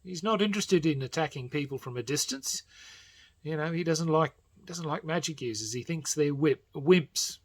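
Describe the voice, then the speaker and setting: A man casually recommending audiobooks as a channel host, rambling with many fillers and often trailing off to a quiet, half-whispered voice. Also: a little high, moderate pace.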